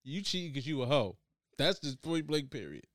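A man's voice: a little high, very animated, normal speed, fairly bright tone, no room sound, studio quality. A young man co-hosting a casual podcast, giving blunt, opinionated takes and repeating catchphrases. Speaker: podcast co-host. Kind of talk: casual chat.

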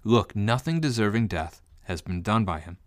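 A man voicing Pilate, a reluctant Roman governor, in a plain, measured scripture reading. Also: on the low side, expressive, close to an everyday voice. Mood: reasoning.

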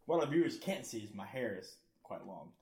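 Male podcast co-host, lively storyteller, mock-quotes people, echoey room. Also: a little fast, a little hiss or hum. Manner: animated storyteller, jumps into high mocking voices for quotes. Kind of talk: casual banter. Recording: roomy echo.

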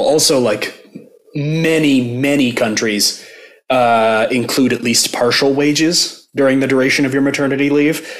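A man of ordinary pitch co-hosting a casual political chat. He talks loosely, swears now and then, and reads out quotes. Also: a bit bright. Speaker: podcast co-host.

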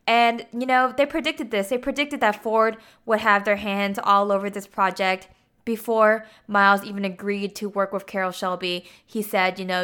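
A woman's voice: mid-range voice, steady tone, normal speed, fairly bright tone, smooth. A woman casually retelling a film plot, chatty and peppered with 'like' and 'you know'.

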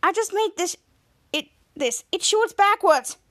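A woman voicing an excitable male inventor in a loud, playful way while recapping a TV episode. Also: extremely high pitch, a little slow, voice pushed up, heavily acted.

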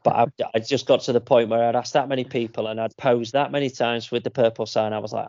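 A man's voice: medium pitch, fairly even intonation, fast talker, vocal fry, hardly any pauses, darkish tone, no echo. Male podcast co-host, chatty anecdotal storyteller, dry slightly dull recording. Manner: chatty storyteller, many fillers and restarts. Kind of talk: casual chat.

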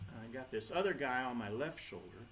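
At a live show with an audience, a male folk rock singer chats loosely between songs while an acoustic guitar plays. His medium-pitched voice is animated, fairly quick and a bit bright, and his rambling talk meanders with many restarts. A little hiss or hum sits on the recording.

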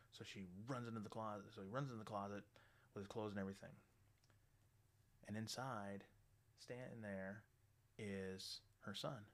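A man's voice: on the low side, fairly even intonation, a little fast, fairly bright tone. A man hosting a podcast, telling crude stories and jokes in a rambling, profane way, full of "you know" fillers. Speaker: podcast host. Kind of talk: crude casual storytelling and joke telling.

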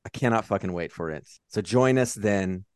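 A man's voice: on the low side, moderate pace, smooth, no echo, studio quality. A man co-hosting a movie podcast, chatting casually and swearing often as he gets worked up about films. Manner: profane, animated movie talk. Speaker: podcast co-host. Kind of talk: casual chat.

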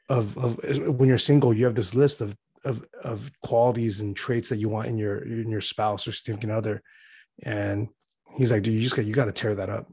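A man's voice: lowish voice, darkish tone, breathy edge, no room sound. A young man talking in a loose, rambling way, full of fillers, laughing as he tells stories. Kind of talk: casual chat.

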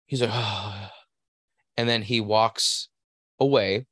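A man's voice: lowish voice, steady tone, slow pace, long pauses, a bit bright, no room sound, clean studio sound. A young man on a podcast telling a rambling work story in a casual, profane way. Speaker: podcast host. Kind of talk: casual chat.

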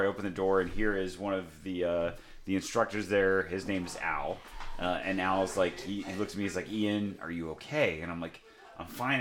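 Deep-voiced casual young man. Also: fairly bright tone. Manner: laid-back storyteller, swears, laughs often. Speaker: podcast co-host. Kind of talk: casual chat.

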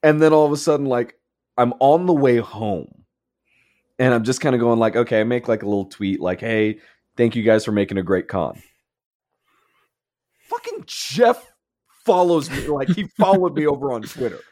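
A man's voice: moderate pace, pauses often, no echo, clean studio sound. A man co-hosting a casual chat, telling a story with lots of "like" and "whatnot", acting out quoted lines with big jumps in his voice. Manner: animated, acts out quotes with big pitch jumps and laughs; heavy use of "like" and "and whatnot". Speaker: podcast co-host.

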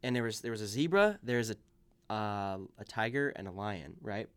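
A man's voice: lowish voice, expressive, moderate pace, a bit bright, clean tone. A man in casual chat, retelling a video game side quest in a rambling way and acting out the characters' lines.

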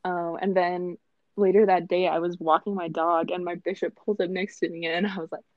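A woman's voice: on the low side, flat delivery, a little fast, no echo. A young woman telling her own story as an interview guest, chatty and laughing often, with lots of fillers. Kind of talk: casual personal storytelling. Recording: slightly dull lo-fi sound.

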